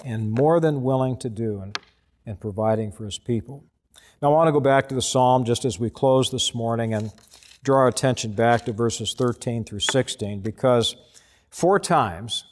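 A man preaching a sermon, earnest and unhurried, repeating words and pausing between phrases. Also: medium pitch. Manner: slow, earnest preaching with repetitions and pauses. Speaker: pastor.

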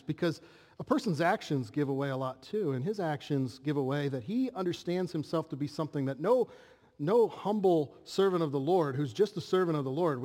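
Speaking with earnest conviction, a male pastor preaches a sermon and keeps putting rhetorical questions to his congregation. For a man, his voice is pitched slightly high and a little mellow, and the hall adds a long reverb to the recording.

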